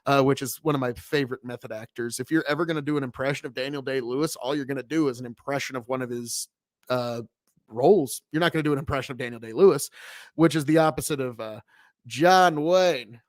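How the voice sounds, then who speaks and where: A man's voice: fairly high pitch, no echo, studio quality. A man from the United States hosting a casual reaction show, talking in a rambling, profane way with many restarts. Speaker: host reacting to a video.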